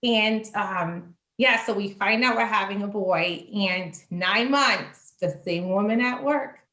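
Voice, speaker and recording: A woman telling a personal testimony casually, animated, acting out the voices in her story and laughing often. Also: mid-range voice, slow, echoey room. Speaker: church member sharing testimony.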